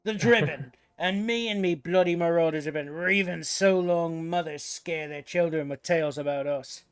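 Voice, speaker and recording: A man voicing a swaggering, brutish pirate marauder chief with a rough, threatening growl. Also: a little high, normal speed, soft background music, natural voice. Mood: boastful.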